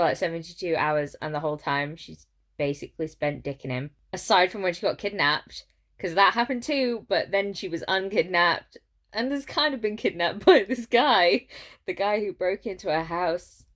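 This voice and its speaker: Tired young woman, book vlogger, lowish voice, dry sarcastic rants. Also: moderate pace, fairly bright tone. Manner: exasperated, sarcastic commentary with mocking quoted voices. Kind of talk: casual vlog book review.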